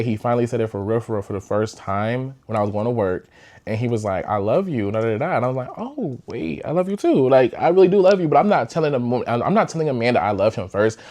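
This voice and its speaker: A young man hosting a podcast, telling a personal story in a chatty, animated way with lots of fillers. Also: medium pitch. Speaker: podcast host. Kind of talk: casual storytime.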